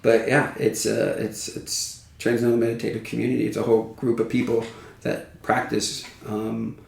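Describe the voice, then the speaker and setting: A man's voice: mid-range voice, moderate pace, gravelly, far from the mic. A man from Iowa telling stories about his home in a casual podcast chat, laughing often. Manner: laughs often, animated storytelling with acted quotes. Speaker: podcast guest, carpenter. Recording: roomy, from off the mic.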